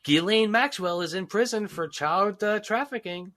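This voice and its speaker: High, bright-voiced joking man. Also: normal speed. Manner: crude joking, blunt. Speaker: podcast co-host. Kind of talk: casual movie podcast chat.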